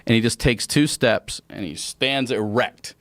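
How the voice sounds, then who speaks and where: A man in his forties, a podcast guest, telling a long anecdote in a casual, lively way, swearing freely and acting out what people said. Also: mid-range voice, unhurried, no echo, studio quality. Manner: lively, profane anecdote telling with quoted voices. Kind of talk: casual storytelling. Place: podcast studio.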